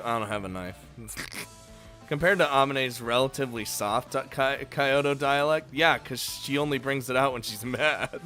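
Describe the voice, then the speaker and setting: A man's voice: medium pitch, measured pace, pushed and bright, soft background music. A man reading a visual novel aloud and breaking off into jokey, swearing, laughing asides. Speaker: let's play host.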